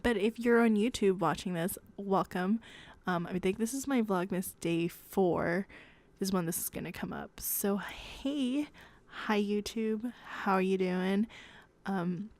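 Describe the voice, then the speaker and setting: Hushed, half-whispering young woman host. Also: mid-range voice, measured pace. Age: young adult. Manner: rambling, giggly, self-correcting. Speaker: podcast host. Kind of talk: casual podcast chat. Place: her home at night.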